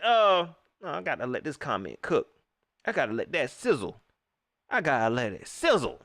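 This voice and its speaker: Animated man ranting about football. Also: a little high, moderate pace, no room sound, clean studio sound. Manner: animated, ranting, reads viewer comments. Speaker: livestream sports commentator. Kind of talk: live post-game rant.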